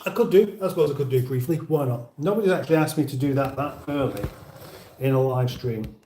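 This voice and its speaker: Brisk and medium-pitched, a male streamer reads viewer comments aloud during a casual live chat, rambling and interrupting himself with dry humour. The recording comes from a distant mic in an echoey room, with background noise.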